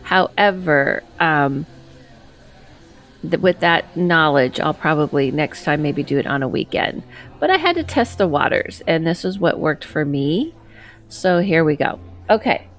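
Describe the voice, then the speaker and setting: Middle-aged woman host, lower-pitched voice, chatty rambling delivery full of fillers and asides. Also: lively intonation, unhurried. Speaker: psychic medium, channel host. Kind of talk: casual chat to camera.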